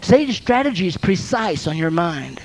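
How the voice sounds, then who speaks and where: A man with a noticeably high voice delivers a sermon. He tells everyday stories and acts them out with lively sound effects, pausing now and then to laugh. He sounds like a pastor who also counsels people. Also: rough recording. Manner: laughs between points. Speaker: preacher and counselor.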